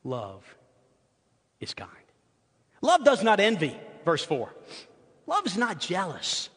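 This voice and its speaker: A male pastor telling stories in a sermon, swinging from soft asides to loud, excited outbursts. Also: high-pitched, slow pace, breathy edge. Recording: long hall reverb.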